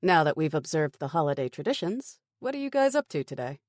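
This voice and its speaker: A woman voicing a cheerful, smug male army sergeant in an audiobook, on a low, mellow voice. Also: very animated, brisk, no room sound, clean studio sound.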